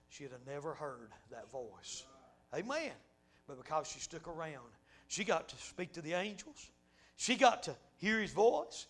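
High-voiced preacher, hushed to shouting. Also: male voice, animated, moderate pace. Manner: swings from hushed asides to shouted exclamations, laughing. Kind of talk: sermon.

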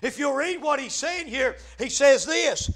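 A man preaching a fervent sermon, punctuating lines with "amen" and shouting in bursts. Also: extremely high pitch, lively intonation, measured pace.

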